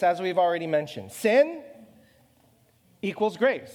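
A man's voice: high voice, big pitch swings, slow pace, pauses often, a little mellow, in a large hall, some chatter behind. A man preaching a sermon in a loose, conversational way, joking at his own expense and firing off rhetorical questions. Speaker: pastor.

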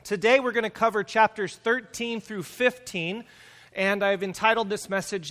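A man preaching a sermon as pastor, casual and animated, joking about the text he reads. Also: high voice, moderate pace, big-room sound. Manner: animated and jokey, laughs at the text.

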